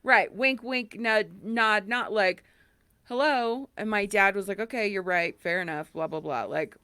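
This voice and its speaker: Animated woman telling stories, dry sound. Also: medium pitch, moderate pace, smooth, dry recording. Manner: animated storytelling, acts out quoted dialogue. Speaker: podcast co-host. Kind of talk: casual chat.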